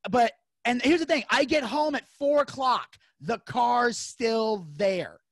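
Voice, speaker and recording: A man telling a story in casual podcast chat, fast and profane, acting out angry quotes. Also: extremely high pitch, fairly bright tone, dry recording. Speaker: podcast guest.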